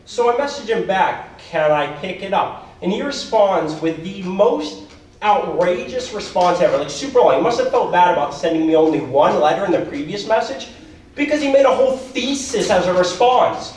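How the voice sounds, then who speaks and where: A man's voice: high-pitched, lively intonation, moderate pace, a little mellow, slight background noise. A man doing stand-up comedy at a talent show, rambling and self-deprecating, losing his voice. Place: school auditorium stage with audience. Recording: echoey hall recorded from far off.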